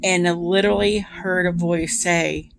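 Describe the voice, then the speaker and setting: A woman's voice: fairly low pitch, steady tone, a little slow, slight background noise. A woman tarot reader chatting casually to her viewers, full of ums and asides. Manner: chatty, many ums, speaks of feelings. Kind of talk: casual chat to camera.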